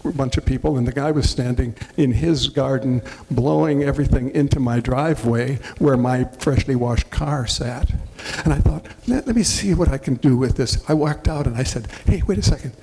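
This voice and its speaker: Gravelly rambling Wisconsin-born storyteller. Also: male voice, medium pitch, moderate pace, few pauses, darkish tone. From Wisconsin, USA. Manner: rambling, self-interrupting storyteller. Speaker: author. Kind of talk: casual talk to an audience. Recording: hall reverb with faint noise.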